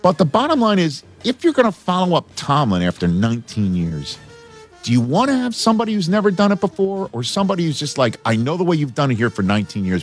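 A man hosting a casual sports talk show, animated and joking, laughing often. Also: medium pitch.

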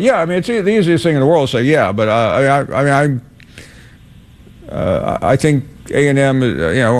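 A man hosting a call-in sports radio show, talking in a measured way with many pauses. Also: mid-range voice.

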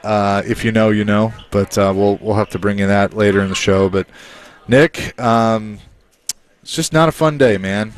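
A man with a low voice hosts a sports talk radio show from a studio. He talks in a halting, casual way and fills his pauses with many ums and uhs. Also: steady tone.

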